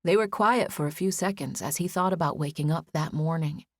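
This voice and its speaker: A woman narrating a romance audiobook in an even, measured storytelling manner on a close studio mic. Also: low-pitched, no echo. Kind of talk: scripted narration.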